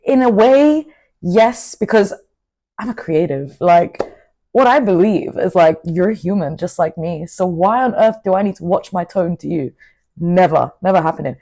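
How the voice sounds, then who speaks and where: A young woman giving an outspoken, animated motivational talk to camera, full of asides. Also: lowish voice, normal speed. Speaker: vlogger. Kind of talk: casual motivational monologue to camera.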